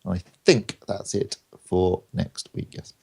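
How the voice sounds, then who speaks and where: A man's voice: deep voice, fairly even intonation, slow pace, vocal fry, mellow, breathy edge. A man co-hosting a podcast, rambling through film reviews with plenty of ums and restarts and dry jokes. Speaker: podcast co-host reviewing films. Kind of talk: casual chat.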